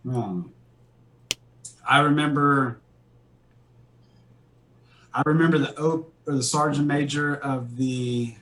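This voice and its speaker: A man's voice: mid-range voice, slow, long pauses, a bit bright, rough recording. Profane, rambling male army veteran. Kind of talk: casual war storytelling.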